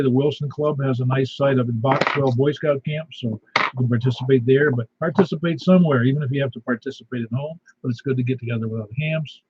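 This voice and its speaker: A man's voice: medium pitch, slight background noise. A man with a slight lisp, hosting a casual amateur radio net with rambling announcements. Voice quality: slight lisp from a missing tooth. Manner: folksy, rambling announcements with fillers. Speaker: net control host. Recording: dull lo-fi radio audio.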